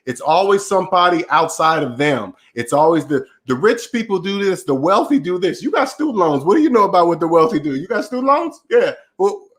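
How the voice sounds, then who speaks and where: Male streamer host, high-ish voice, preachy mocking rant, tail end of a cold. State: getting over a cold. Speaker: channel host. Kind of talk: livestream rant reading chat.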